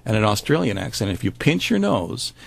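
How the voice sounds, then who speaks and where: A man's voice: lowish voice, very animated, brisk, gravelly. Chatty male radio talk host. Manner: chatty, jokey asides. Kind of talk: radio talk show hosting.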